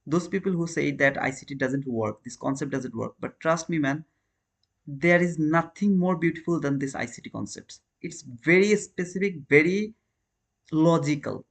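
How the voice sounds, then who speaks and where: Guy live trading stream, kinda high voice, english, earnest, keeps saying man and brother. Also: moderate pace, creaky. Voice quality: non-native English, repeats phrases. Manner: earnest, questions viewers, calls them man and brother.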